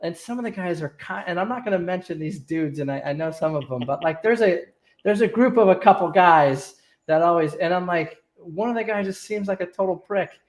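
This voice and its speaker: A man's voice: sits high, brisk, echoey room. A man hosting a casual live interview, rambling and chatty with lots of fillers. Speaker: host.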